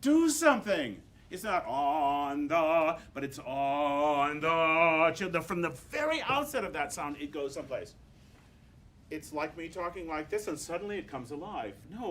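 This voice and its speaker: A man conducting a choir rehearsal, coaching singers with animated, demonstrative instructions and bursts of sung examples. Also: a little high, moderate pace.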